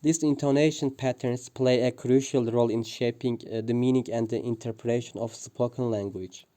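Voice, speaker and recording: A man reads a prepared linguistics presentation, pausing often with "uh" and restarting words. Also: mid-range voice, steady tone, mellow. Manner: hesitant, frequent "uh" fillers and restarts. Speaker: student presenter.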